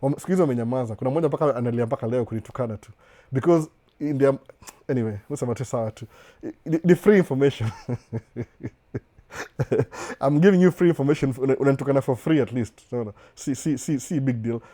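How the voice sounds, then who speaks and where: Fast-talking Kenyan man, casual live chat. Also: medium pitch, mellow. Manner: chatty, repeats and restarts, asks "unaona?". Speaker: live-stream host. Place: indoor home den with a couch.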